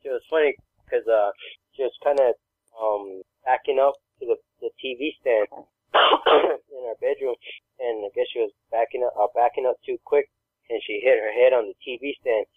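A man's voice: medium pitch, normal speed, no echo. A man co-hosting a podcast, telling funny stories in a laid-back way, often laughing. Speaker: podcast co-host. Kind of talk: casual chat. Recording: dry tinny phone-like sound.

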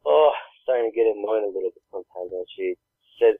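A man's voice: on the low side, lively intonation, fast talker, no room sound. A man co-hosting a podcast, telling funny stories in a laid-back way, often laughing. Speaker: podcast co-host. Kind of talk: casual chat. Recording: dry tinny phone-like sound.

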